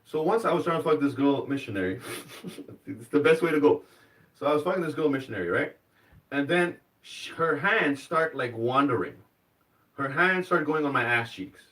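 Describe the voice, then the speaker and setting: A male stand-up comedian working a live club crowd with a rambling, halting delivery that climbs into excited shouting during his stories. His voice sits a little high for a man. The mic picks him up from slightly off, so he sounds a touch distant.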